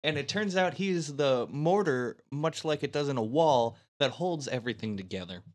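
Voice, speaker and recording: A man's voice: medium pitch, animated, moderate pace. A man hosting a casual movie-review chat, laughing often as he recaps the plot.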